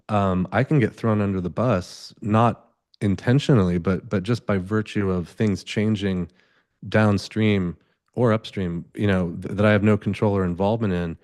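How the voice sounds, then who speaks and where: A photographer with a lowish voice and darkish tone appears as an interview guest on an event space stage. He tells stories conversationally in a loose, rambling way, with many restarts, and acts out quoted dialogue.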